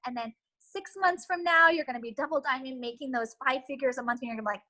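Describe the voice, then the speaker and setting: A woman's voice: high-pitched, rapid-fire, hardly any pauses, pushed and bright, poor audio. A woman giving an earnest, emotional motivational pep talk to new team members over a video call, with many ums. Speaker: team leader giving a training.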